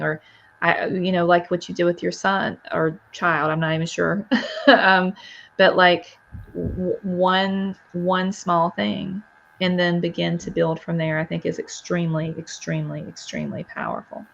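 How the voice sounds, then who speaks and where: A woman's voice: fairly low pitch, level tone, a little slow, vocal fry, fairly bright tone, lo-fi sound. A woman co-hosting a podcast, talking in a reflective, encouraging way. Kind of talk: casual conversational interview.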